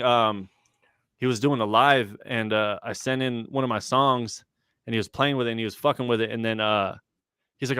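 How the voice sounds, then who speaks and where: A man's voice: fairly low pitch, bright, forceful tone, clear, resonant tone, no room sound, clean studio sound. Laid-back young man, slangy storyteller. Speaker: rapper and guest. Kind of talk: casual chat on a livestream podcast.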